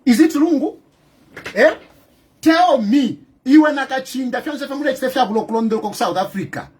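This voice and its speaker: A man's voice: very high voice, lively intonation, normal speed, darkish tone, breathy edge. Indignant Zambian man ranting to camera. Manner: indignant, repetitive, rhetorical questions. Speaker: political commentator. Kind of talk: impassioned video monologue. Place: in exile abroad.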